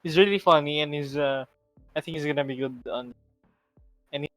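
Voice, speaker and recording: A man's voice: on the high side, brisk, fairly bright tone, dry recording, soft background music, low-quality recording. A man with a Filipino accent, bantering jokingly as a co-caster and mixing English with Filipino. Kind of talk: casual stream chat.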